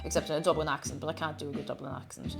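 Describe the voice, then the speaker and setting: This cooking streamer has a deep, level voice with vocal fry, and she races through her words. Music plays behind her as she casually chats, reads viewer messages aloud, reacts, and often stammers and restarts.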